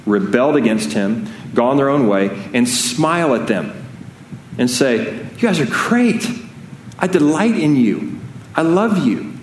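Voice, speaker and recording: A man preaching a sermon as pastor, earnest and conversational, often restarting his sentences. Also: mid-range voice. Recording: echoey room with faint noise.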